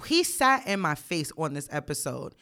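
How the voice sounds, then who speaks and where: A woman's voice: deep voice, very animated, normal speed, pushed and bright. Blunt, laughing young woman podcaster. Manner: blunt, profane storytelling, reading texts aloud; frequent bursts of laughter. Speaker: podcast co-host. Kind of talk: casual podcast chat.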